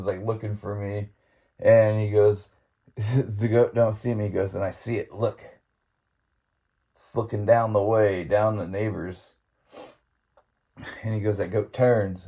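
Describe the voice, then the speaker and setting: Rambling and laughing, a man hosting a podcast spins a story in an unplanned monologue. He has a lowish voice and a dark tone.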